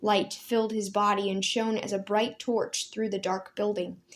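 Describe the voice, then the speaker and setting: A woman reads a storybook aloud at a medium pitch, gentle and expressive. Her narration is steady and clear, with pauses suited to a bedtime tale.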